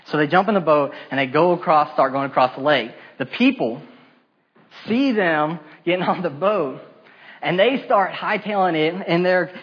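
A man with a husky, slightly raised voice preaching a sermon. He retells the story in lively, casual terms and acts out the complaining voices. The recording sounds dull and muffled. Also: high voice. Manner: animated storytelling, acting out the disciples' complaints; casual modern asides and repetition.

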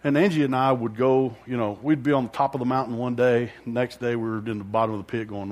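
A man telling his personal testimony in a loose, rambling way, with a middling pitch and a plain everyday voice. He pokes fun at himself, laughs along the way and acts out what he was thinking back then. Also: steady tone, fast talker, hardly any pauses, a little mellow. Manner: rambling, self-deprecating, with frequent laughs; acts out his own inner thoughts. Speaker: church member giving a testimony.

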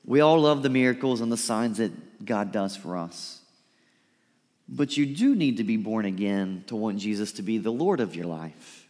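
A man preaching a sermon, lively and emphatic, sometimes dropping to a soft pleading voice to act out a quote. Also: lowish voice, normal speed. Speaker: pastor. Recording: reverberant hall.

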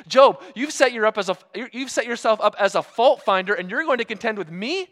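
A man preaching a sermon, earnest and emphatic, asking rhetorical questions and slowing down for dramatic pauses. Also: high-pitched, expressive, a bit bright.

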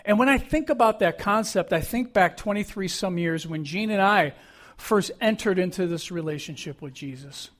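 A man's voice: high voice, lively intonation, normal speed, a bit bright. A middle-aged man preaching a sermon as pastor, earnest and emphatic, repeating key phrases.

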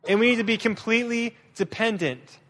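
A man giving a sermon as a guest preacher, lively and humorous, often restarting his sentences. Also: very high voice, fairly quick. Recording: long reverb of a large hall.

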